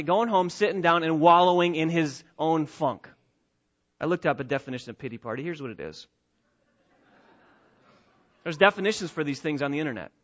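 High-voiced emphatic preacher man. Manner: emphatic preaching, swings between soft asides and raised lines. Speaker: pastor. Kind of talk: sermon. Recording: slightly dull lo-fi sound.

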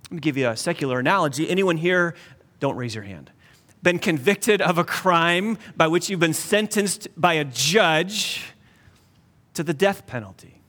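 A man preaching a sermon emphatically, dropping to a near hush to stress key points. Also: fairly high pitch, lively intonation, normal speed, in a large hall. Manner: emphatic, with dramatic drops to a hush.

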